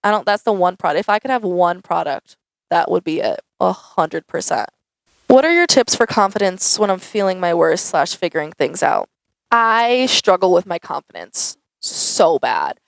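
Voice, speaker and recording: A woman's voice: lowish voice, normal speed, vocal fry, no echo, rough recording. A young woman answering viewer questions in a casual, chatty vlog, saying "like" a lot. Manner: chatty, says "like" often, animated. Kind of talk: casual Q&A chat. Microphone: camera mic.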